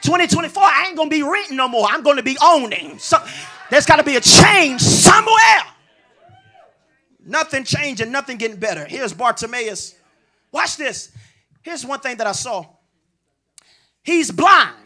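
A male pastor preaching a sermon, building into shouts and sing-song cadences, with call-and-response lines to the congregation. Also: very high voice, very animated, moderate pace, pauses often.

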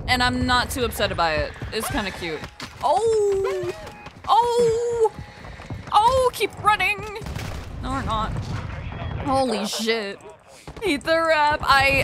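A woman's voice: a little high, noisy background. A young woman streaming a shooter game, chatting casually with her chat and swearing often.

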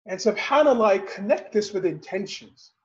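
A man leading an online religious study circle, telling a story with rhetorical questions and an animated manner. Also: high-pitched, moderate pace, dull audio. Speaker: halaqa speaker and host. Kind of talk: religious lesson over video call. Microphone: video call.

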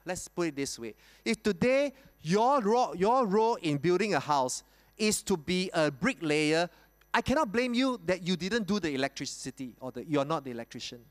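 A man preaching from the pulpit with a fairly high voice that rises and falls a lot as he stresses each point. He pauses on rhetorical questions and says key lines twice. His voice carries a long reverb through the church hall. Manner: explains scripture with rhetorical questions and repetition. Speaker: pastor. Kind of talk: sermon.

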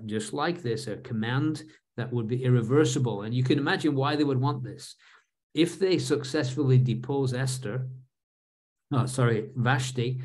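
A man giving a Bible study lesson, reading scripture verses aloud and then explaining them in a relaxed, conversational way with fillers and restarts. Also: mid-range voice. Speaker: Bible teacher.

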